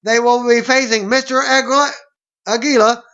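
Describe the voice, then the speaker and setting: A man's voice: very high-pitched, fairly even intonation, normal speed, bright, forceful tone. A man reading out wrestling news items, sometimes stumbling over names. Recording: dull lo-fi recording.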